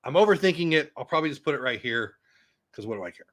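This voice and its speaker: A man in his fifties hosting a casual live stream, reading viewer comments aloud and reacting with excitable, chatty asides. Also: on the high side, quick pace. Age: 50s. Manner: animated, excitable, talks back to chat.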